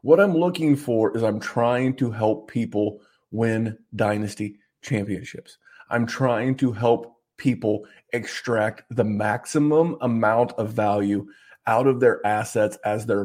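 A man on a podcast works himself into a swearing rant. He stumbles over repeated restarts as he talks, and his voice sits in a middle pitch that leaps up when he gets angry. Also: takes it slowly, a little mellow. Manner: fired-up, swearing, stammering restarts; repeats "I, I, I" at starts of lines. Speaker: podcast co-host.

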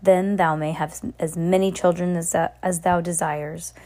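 A woman voicing a bossy, centuries-old witch who gives sharp, commanding orders in old-fashioned speech, in an audiobook reading. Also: on the low side, fairly even intonation, unhurried, close to an everyday voice.

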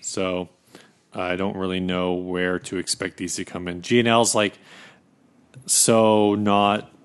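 Rambling low-voiced male podcast co-host. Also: level tone, takes it slowly, smooth. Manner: rambling, many restarts and fillers, joking. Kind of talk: casual chat about guitars.

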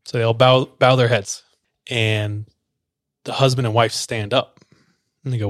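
A man's voice: mid-range voice, steady tone, a little slow, long pauses, no echo, clean studio sound. Man casually telling an eerie story. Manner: loose and conversational, many filler "like"s, acts out quoted lines.

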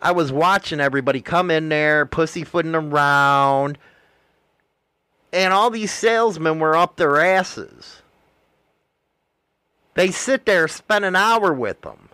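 High, lively, profane blunt man. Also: slow, pauses often, clean tone, dry recording. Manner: blunt, heavily profane ranting. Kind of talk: casual chat.

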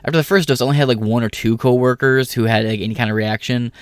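Here is an American man in a heated, profanity-laden rant, his voice sitting at a middle pitch. He is recorded dry, with no room sound around him, and he slips into mocking impressions of the people he talks about. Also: steady tone, quick pace, clean tone, dry recording. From United States. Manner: profane, heated, swears constantly; mocks others by mimicking them. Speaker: vlogger. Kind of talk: ranting monologue.

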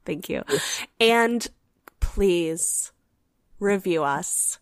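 An American woman co-hosts a podcast, brash and playful, cursing casually as her pitch jumps around with lively energy. Her voice sits close and dry, with no room sound. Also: drawn-out words, dry recording. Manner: brash, swears freely, jokey. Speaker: podcast co-host. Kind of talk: casual chat.

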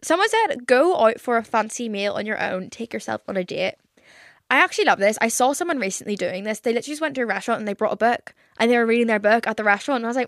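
A young woman hosts her own podcast solo, chatting casually and rambling with plenty of swearing and filler words. Her voice is a little high with lively intonation and a quick pace, recorded in a clean studio with no echo.

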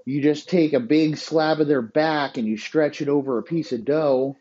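A man's voice: on the high side, fairly even intonation, moderate pace, warm tone, lo-fi sound. A man hosting a podcast, ranting in crude, rambling riffs and laughing at his own jokes. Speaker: podcast host. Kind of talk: profane comedic rant.

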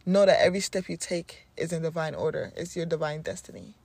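A woman's voice: low voice, expressive, brisk, creaky, darkish tone, dry recording. A woman podcast host delivering a spiritual affirmation talk, repeating phrases with rhythmic emphasis.

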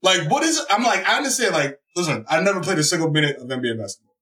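A man from the Bronx, a podcast guest, telling stories in an excitable, profane way and shouting out the quotes he acts. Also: high-pitched, very fast, echoey room, far from the mic, slight background noise. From the Bronx, New York. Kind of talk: animated casual storytelling.

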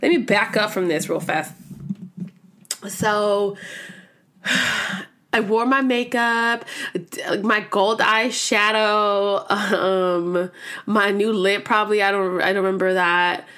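A young woman vlogger telling a story in a casual, animated way, swearing and acting out what people said. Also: mid-range voice, takes it slowly, pauses often. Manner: animated, swearing, acts out quoted voices.

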